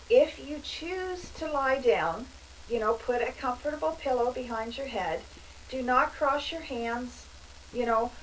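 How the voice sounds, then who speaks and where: A woman calmly guiding a meditation and breathing exercise, with casual asides as she talks. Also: fairly high pitch. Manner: slow, calm, soothing delivery with casual asides. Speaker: meditation instructor. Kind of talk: guided meditation instruction. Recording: voice from a distance, faint background noise.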